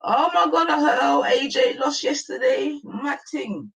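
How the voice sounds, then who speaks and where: A man's voice: very high voice, fairly even intonation, moderate pace, creaky, fairly bright tone, low-quality recording. A man chatting casually on a game stream, laid-back and slangy, laughing often.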